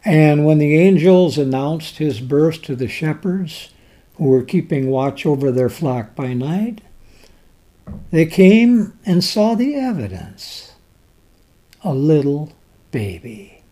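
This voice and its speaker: A man preaching a sermon slowly and dramatically, reading scripture aloud in old-fashioned wording. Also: on the high side, expressive. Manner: slow, dramatic preaching with swells and drops in loudness.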